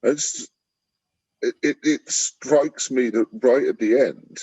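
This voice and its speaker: A man's voice: takes it slowly, dark tone, slightly rough, dry recording. A man talking through a Bible passage in a casual discussion, rambling and acting out the quotes in a jumped-up voice. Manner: rambling, acts out quotes with sudden high pitch. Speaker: church discussion partner. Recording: dull lo-fi sound.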